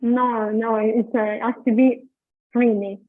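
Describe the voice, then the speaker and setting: An Italian woman teaches cooking over a video call, speaking slowly and pausing often to find her words. The sound is dry and narrow, like a phone line. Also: on the high side, flat delivery, dry recording. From Italy. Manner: halting, many fillers while explaining. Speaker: cooking instructor. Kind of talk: online cooking presentation. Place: home kitchen.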